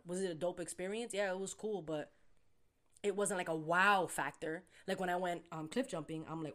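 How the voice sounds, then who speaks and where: A young adult woman co-hosting a podcast, telling a story in casual chat, animated and profane, acting out quotes loudly. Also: fairly low pitch, fairly quick. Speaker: podcast co-host.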